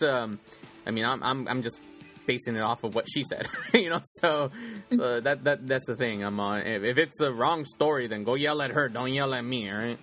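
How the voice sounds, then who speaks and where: Bright-voiced man rambling on a podcast. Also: medium pitch. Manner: rambling, teasing, laughs a lot. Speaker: podcast host. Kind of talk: casual chat.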